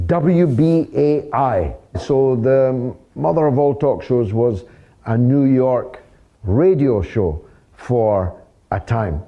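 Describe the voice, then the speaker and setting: Unhurried Scottish man telling stories. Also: medium pitch, lo-fi sound. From Dundee, Scotland. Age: 60s. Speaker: host of a talk show. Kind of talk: storytelling talk to a live audience.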